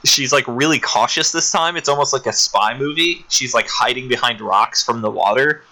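Podcast co-host, male: very bright, tense tone, animated retelling, laughs a lot. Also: mid-range voice, normal speed, poor audio. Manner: animated retelling, putting on little voices for characters; laughs often. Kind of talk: casual chat.

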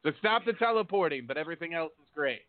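A man's voice: a little high, animated, quick pace. A man hosting a wrestling podcast, rambling and joking in casual chat. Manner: rambling, laughing. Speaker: podcast host. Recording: phone-like lo-fi call audio.

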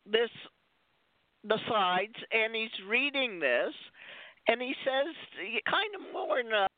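A woman guest telling stories in a slow, easy way that drifts from one point to the next. She talks casually about her work as a stunt performer. Her voice comes through a thin, dry phone line. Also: fairly high pitch, dry recording. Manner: rambling, digressive storyteller. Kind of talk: casual chat. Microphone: phone call-in.

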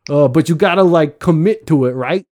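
A man's voice: fairly high pitch, a little fast, darkish tone. A man from the United States hosting a podcast from home on a computer mic, rambling and joking with lots of fillers and swearing. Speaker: podcast host. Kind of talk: casual chat. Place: home, living abroad. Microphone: computer microphone.

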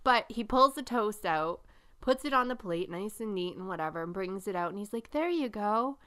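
A woman's voice: mid-range voice, a little fast. A middle-aged woman co-hosting a casual chat, telling stories with lots of laughter. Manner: animated storyteller, laughs often. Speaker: podcast co-host.

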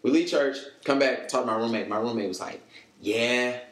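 A man tells stories with lots of energy, slipping into the voices of the people in them. His voice sits at a middle pitch. The room around him is echoey. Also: moderate pace. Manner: animated storyteller, acts out quoted voices. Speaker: podcast guest. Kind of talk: casual chat.

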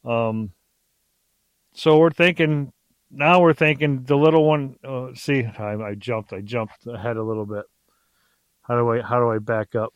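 A man's voice: medium pitch, unhurried, clear, resonant tone, no room sound, muffled recording. Rambling middle-aged man telling a story. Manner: rambling, restarts sentences, excitable. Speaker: guest. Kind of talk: casual storytelling on a podcast.

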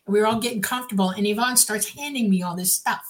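Animated woman co-host telling a story. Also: mid-range voice, quick pace. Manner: lively, animated retelling, says "okay?" often. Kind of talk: casual storytelling on a talk show.

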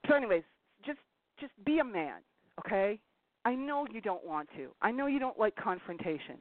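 A woman's voice: medium pitch, big pitch swings, moderate pace, no echo. Blunt, scolding woman on a tinny line. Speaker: talk show host. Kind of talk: casual advice talk. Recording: tinny phone-like dry sound.

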